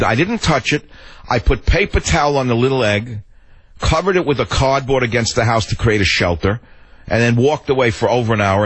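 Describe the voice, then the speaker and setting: A man's voice: medium pitch, husky, no echo. An older man hosting a talk radio show, swinging from tender musing to angry ranting with rhetorical questions.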